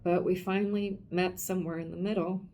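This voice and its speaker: A woman reading aloud the lines of a middle-aged comic-book woman, slow and reminiscing. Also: fairly low pitch, level tone, dark tone, natural voice. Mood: wistful.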